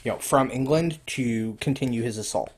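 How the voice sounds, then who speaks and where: Casual male podcast co-host, mid-pitched, loose and rambling delivery full of ums and restarts. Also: moderate pace. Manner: rambling, lots of fillers and restarts. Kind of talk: casual history chat.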